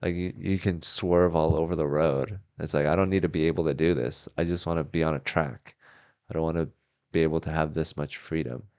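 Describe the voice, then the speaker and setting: A man's voice: extremely low pitch, steady tone, brisk, darkish tone, no echo. A man hosting a casual podcast chat from a house, laid-back and wry, swearing freely. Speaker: podcast host.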